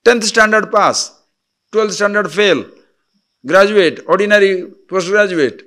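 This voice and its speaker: A man's voice: sits high, unhurried, bright, forceful tone. A man giving a spiritual discourse as a teacher, blunt and teasing, full of rhetorical questions.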